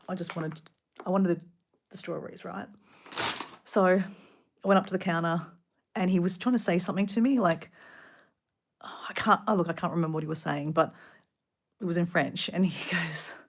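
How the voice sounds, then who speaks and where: A middle-aged Australian woman rambling casually about her day, chatty and animated, full of asides. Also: fairly low pitch, creaky. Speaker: vlogger. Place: hotel room.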